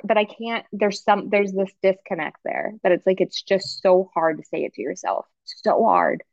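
A woman in her thirties, a podcast guest, talking candidly and with feeling, full of quick asides. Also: mid-range voice, dry recording, dull audio. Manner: emotional, expressive, quick asides. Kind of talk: candid conversational chat.

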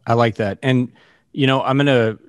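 A man's voice: medium pitch, fairly even intonation, normal speed, no echo. A man interviewing a guest in casual chat, hesitant and restarting his sentences often. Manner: hesitant, many restarts and fillers.

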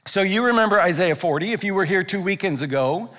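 High-voiced man preaching in a reverberant hall. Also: expressive, fast talker. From Canada. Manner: emphatic, swings between hushed and loud. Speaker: pastor. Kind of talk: sermon.

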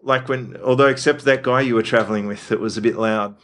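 A man's voice: mid-range voice, fairly even intonation, fairly quick, fairly bright tone. An Australian man co-hosting a casual chat, rambling through stories with lots of fillers. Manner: rambling storyteller, filler-heavy. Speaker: podcast co-host.

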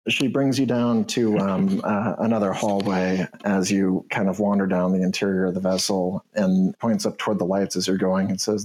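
A man narrating as game master of a tabletop role-playing game, halting and full of fillers. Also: low-pitched, little pitch movement, darkish tone, low-quality recording.

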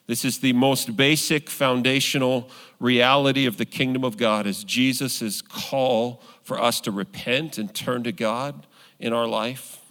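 A man's voice: medium pitch, sharp tone. A man preaching a sermon as pastor, earnest and conversational, building to emphatic points. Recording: long hall reverb.

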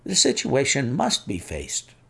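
Man voicing an anxious fussy tutor, flustered, pleading, gravelly, audiobook. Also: mid-range voice, wildly swooping pitch, measured pace, pushed and bright, pitched above the performer's own voice, heavily acted. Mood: alarmed. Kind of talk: audiobook reading.

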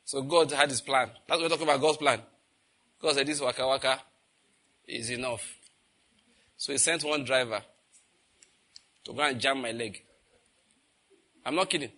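Husky Nigerian preacher telling stories. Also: male voice, medium pitch, normal speed, pauses often, pushed and bright. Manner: storytelling, asks the audience questions. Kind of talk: sermon.

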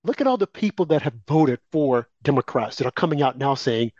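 A man's voice: medium pitch, animated, brisk, darkish tone, dry recording. A man co-hosting a political talk show, delivering emphatic, heated opinion commentary aimed at his co-host. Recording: dull, lo-fi and dry.

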